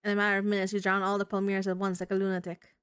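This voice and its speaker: A woman streamer reading a visual novel aloud with expressive, dramatic narration. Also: medium pitch, rapid-fire, clean tone, no echo, studio quality. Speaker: let's play streamer.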